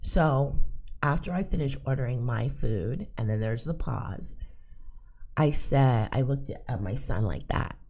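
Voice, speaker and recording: Deep gravelly woman telling a story. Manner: animated, laughing, acting out voices. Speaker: psychic reader and channel host. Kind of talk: casual storytelling.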